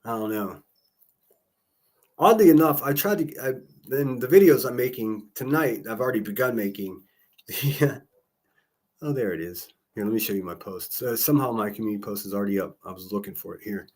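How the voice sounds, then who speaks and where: A man's voice: lowish voice, brisk, darkish tone. A man, livestreaming in casual chat, rambling with profane jokes and asides.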